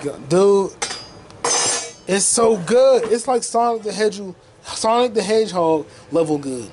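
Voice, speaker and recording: A young man hosting a casual solo podcast, talking in an excited, profane and repetitive way, full of street slang. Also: sits high, noisy background. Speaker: podcast host.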